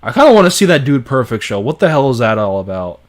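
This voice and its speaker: A young man talks casually on a live stream at a medium pitch. He swears freely and reacts with disbelief, running his thoughts together as he goes. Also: big pitch swings, quick pace.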